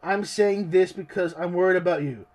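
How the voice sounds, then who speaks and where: A man voicing a worried, overbearing young maid in a fairly low, soft voice while reading a story aloud. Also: moderate pace, natural voice.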